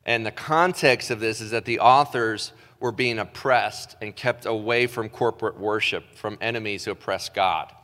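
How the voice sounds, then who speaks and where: A man delivering a sermon from a church stage, chatty and self-deprecating, slowing down to read verses with weight. His voice sits at an ordinary middle pitch, and a long hall reverb trails every phrase. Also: a bit bright. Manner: casual, self-deprecating, talks with his hands in filler words. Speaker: pastor.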